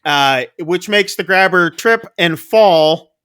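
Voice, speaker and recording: A man's voice: sits high, slow, a bit bright, clear, resonant tone. A man co-hosting a casual movie review, retelling the plot loosely with many fillers. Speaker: podcast co-host.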